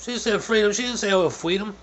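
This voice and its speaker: A man's voice: sits high, quick pace, crowd noise. A man rambling and arguing over a played clip, stammering and repeating himself. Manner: stammering, repetitive, argumentative.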